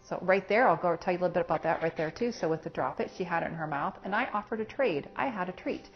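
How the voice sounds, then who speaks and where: A woman's voice: lowish voice, expressive, quick pace, dull audio, soft background music. A woman dog trainer explaining steps in a practical way while working with a puppy at home. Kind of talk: hands-on training lesson.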